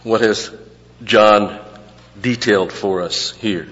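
A man's voice: fairly low pitch, fairly even intonation, slow pace, fairly bright tone. A man preaching an expository sermon, teaching verse by verse, explaining grammar and repeating key phrases for emphasis. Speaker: pastor. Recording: lo-fi with long hall reverb.

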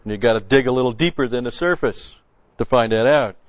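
A man's voice: mid-range voice, fairly quick, no echo, highs cut off. A man preaching a conversational sermon, folksy and blunt, quoting scripture and restarting his sentences often.

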